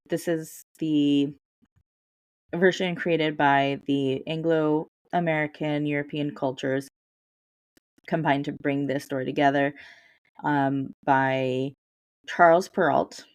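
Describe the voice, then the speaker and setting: A woman co-hosting a podcast, sick this week with a deepened voice, retelling a fairy tale in a relaxed, unhurried way with ums and soft laughs. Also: clear, resonant tone, dry recording, studio quality. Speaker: podcast co-host. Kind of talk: casual storytelling chat.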